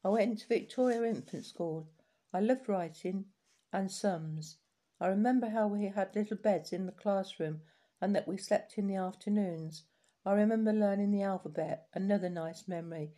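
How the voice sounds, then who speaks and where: Mellow-voiced woman reading memoirs aloud. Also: medium pitch. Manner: steady, unhurried reading with small restarts. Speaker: reader of collected life stories.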